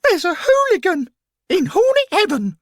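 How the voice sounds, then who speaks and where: A man's voice: very high voice, big pitch swings, normal speed, voice pushed up. A man voicing a nervous, polite thirteen-year-old boy with a shaky voice.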